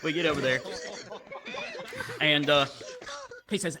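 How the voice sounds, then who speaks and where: A man's voice: on the high side, unhurried, long pauses. A man telling a stand-up story, acting out the people in it with shifting voices. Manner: animated, acts out characters with shifting voices. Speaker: stand-up comedian. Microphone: VR headset mic. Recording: live crowd audible. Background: crowd laughter.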